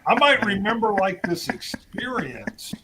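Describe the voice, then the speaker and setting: A man co-hosting a whiskey talk show, telling animated stories and acting out quotes with lots of laughter. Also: sits high, unhurried, noisy background. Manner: animated storyteller, acts out quotes, laughs often. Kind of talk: casual chat.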